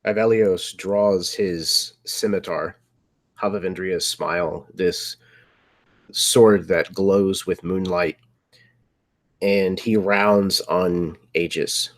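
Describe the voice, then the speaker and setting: Slow, low-voiced man at a game table. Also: fairly even intonation. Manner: slow, hesitant. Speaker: player. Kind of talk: describing his character's actions.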